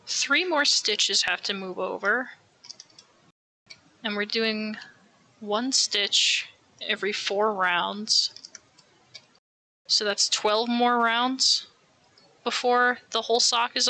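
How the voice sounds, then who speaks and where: A woman's voice: fairly high pitch, steady tone, slow, long pauses, sharp tone. An American woman streaming live while knitting, chatting casually in rambling, self-mocking asides.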